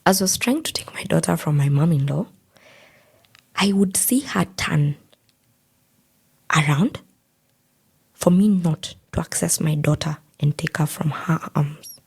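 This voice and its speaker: A young Kenyan woman with a low, husky, gravelly voice tells a personal story on a podcast. Her tone stays dark and mellow. She acts out each person's quoted lines as she goes. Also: measured pace, pauses often. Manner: recounts events by acting out quoted dialogue. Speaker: podcast guest.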